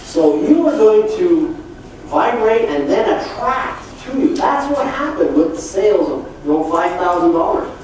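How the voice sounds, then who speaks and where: A middle-aged man giving a motivational sales talk at a conference, telling folksy, animated stories. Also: high voice, unhurried. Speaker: sales trainer speaking at a conference. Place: conference hall. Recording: echoey hall from far off with faint noise.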